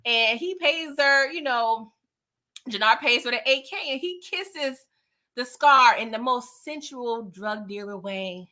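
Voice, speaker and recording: A high-pitched woman recapping a TV episode for her channel, slangy and playful, laughing often. Her voice is bright and sharp, and her delivery is animated. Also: a little slow. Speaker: YouTuber recapping a TV show. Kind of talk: casual recap vlog.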